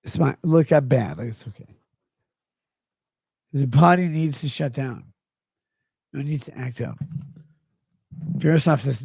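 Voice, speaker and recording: Middle-aged male streamer, drunk and rambling, husky voice, dry close sound. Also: medium pitch, slow pace, pauses often, a little mellow, dry recording. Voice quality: gravelly. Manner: slurred, rambling, swings between mumbles and outbursts. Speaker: livestreamer. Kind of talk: rambling livestream chat reading comments.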